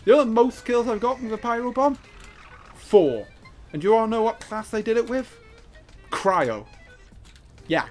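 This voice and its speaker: A gameplay commentator, joking and excitable, breaking into playful sing-song asides as they play. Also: mid-range voice, unhurried, pauses often, faint music behind.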